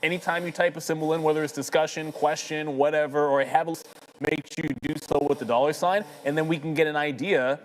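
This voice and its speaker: A man's voice: on the high side, steady tone, a little fast, rough recording. A man co-hosting a live trading show, chatty and upbeat, talking to viewers in the chat. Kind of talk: live market commentary chat.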